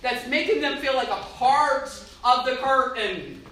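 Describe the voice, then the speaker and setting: A woman's voice: high voice, unhurried, few pauses, slight background noise. A woman giving a church youth-group talk, acting out little voices as she goes. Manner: animated, acts out little voices. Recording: echoey room.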